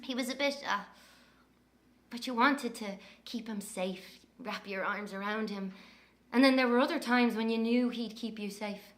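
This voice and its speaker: An actress playing a sharp-tongued, brash young Irish woman telling stories in an audio drama monologue. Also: on the high side, normal speed, close to an everyday voice. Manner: brash, scornful, lively storytelling.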